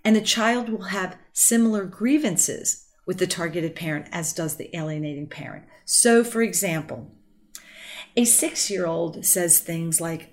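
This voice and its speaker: A middle-aged woman with a fairly low voice, speaking as a counselor to parents. She talks in an earnest, emphatic way and often acts out what people say. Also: a little slow. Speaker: family counselor. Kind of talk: explanatory talk to parents.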